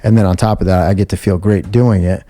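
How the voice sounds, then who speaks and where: A man's voice: low voice, fairly even intonation, fast talker, dark tone, no echo, clean studio sound. A man co-hosting a podcast, talking about his experiences in an earnest, reflective way. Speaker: podcast co-host. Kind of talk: casual podcast chat.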